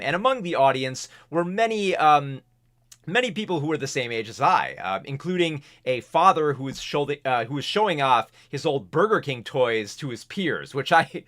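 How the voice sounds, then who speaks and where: A man reviews movies in a loose, chatty way, often stopping to restart his sentences. His pitch moves up and down a lot as he talks. He records at home in front of a camera. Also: a bit bright. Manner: rambling, restarts sentences, laughs at himself. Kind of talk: casual spoken film review. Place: home recording setup with camera and big monitor.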